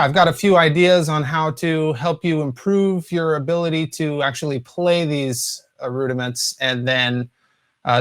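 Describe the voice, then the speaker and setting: A man in his forties from the US West Coast, teaching drum rudiments in a relaxed way with many fillers, counting and singing out patterns. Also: mid-range voice, smooth. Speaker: drum instructor. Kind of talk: instructional talk.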